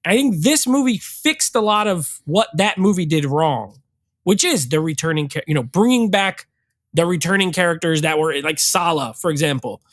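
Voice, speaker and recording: A man on a podcast giving his take on a film in a measured, thinking-aloud way. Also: on the high side, expressive, no room sound, studio quality. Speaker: podcast guest. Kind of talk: casual movie review chat.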